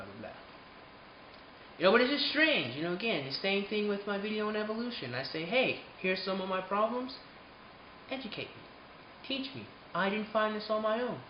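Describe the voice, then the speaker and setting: A man talking straight to his viewers in a casual vlog rant, swinging between heated outbursts and quiet asides and swearing freely. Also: high-pitched, echoey room, lo-fi sound, slight background noise. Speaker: channel host.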